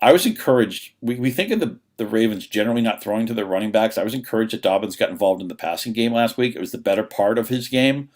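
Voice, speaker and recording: A man appearing as a fantasy football analyst on a sports radio show, breaking down players in a rapid, analytical way. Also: lowish voice, lively intonation, a little mellow. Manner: rapid, analytical, with quick restarts. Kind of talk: casual sports radio chat.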